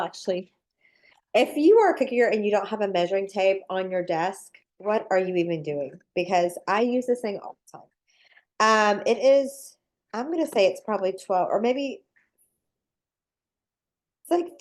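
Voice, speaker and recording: Her medium-pitched, slightly mellow voice is clogged and nasal from a sinus infection. She hosts a live cookie-decorating workshop online, chatting in an upbeat, wandering way.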